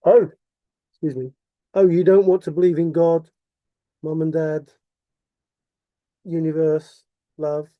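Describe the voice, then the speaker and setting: A man's voice: fairly high pitch, fairly even intonation, slow, long pauses, dry recording, dull audio. A man delivering an impassioned, repetitive monologue full of rhetorical questions. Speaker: vlogger.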